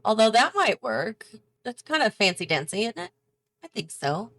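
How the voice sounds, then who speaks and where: A woman's voice: a little high, big pitch swings, moderate pace, a bit bright. A woman hosting a gaming channel, chatting and thinking aloud as she builds, often correcting herself. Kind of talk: casual build commentary while playing.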